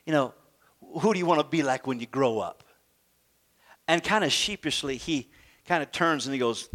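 A middle-aged pastor with a strikingly high voice preaches a sermon emphatically. He builds almost to shouting, then drops soft and slow to drive his points home.

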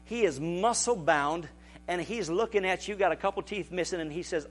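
High-voiced preaching pastor, man. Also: normal speed, faint music behind. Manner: animated preaching, swelling to shouts. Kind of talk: sermon.

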